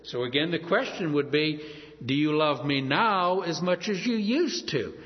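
A man's voice: on the high side, a little slow. A man preaching a sermon, emphatic, with a voice that rises and falls. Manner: emphatic, rising and falling. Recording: dull lo-fi audio in a long-reverb hall.

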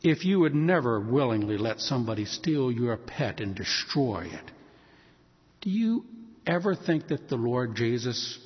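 A man preaching a sermon, telling a story with animated delivery and acting out the voices of the people in it. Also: medium pitch, a little slow. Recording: dull sound in a hall with long reverb.

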